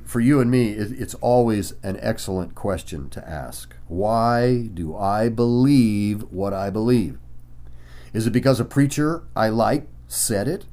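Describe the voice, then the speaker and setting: A man's voice: medium pitch, darkish tone. A man preaching a Bible teaching in an emphatic way, stopping often to ask his listeners rhetorical questions. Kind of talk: sermon-style Bible teaching.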